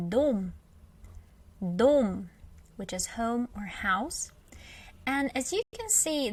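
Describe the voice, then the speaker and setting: A woman's voice: on the high side, fairly bright tone. A woman with a Russian accent teaching a beginner language lesson, patiently repeating example words with emphasis.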